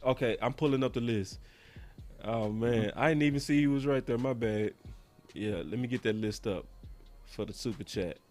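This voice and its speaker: A man's voice: medium pitch, moderate pace, a little mellow, soft background music. A man hosting a casual sports talk stream, laid-back and slangy. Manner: laid-back, slangy, says bruh and dog a lot. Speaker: podcast host.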